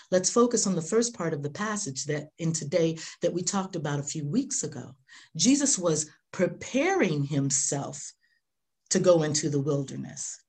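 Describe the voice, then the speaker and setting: A woman's voice: low-pitched, darkish tone. A middle-aged woman pastor preaching a sermon, earnest, repeating key phrases for emphasis.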